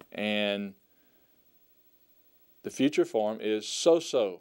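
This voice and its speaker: A man teaching a recorded Greek lesson, speaking slowly and deliberately and repeating each word and meaning for his students. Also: on the low side, animated, a little mellow, clean tone. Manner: slow, deliberate, repeats words for emphasis.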